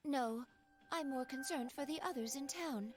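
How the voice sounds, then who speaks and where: A woman voicing a calm, formal young female android who speaks politely and precisely, in a fan reading of a game script. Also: high-pitched, moderate pace, natural voice. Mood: earnest.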